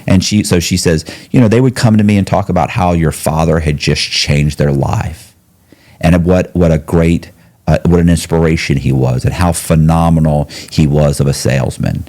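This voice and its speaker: A man's voice: very deep voice, moderate pace. A middle-aged man telling a long personal story as a podcast guest, acting out the voices of the people he quotes. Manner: animated storyteller who acts out quoted voices.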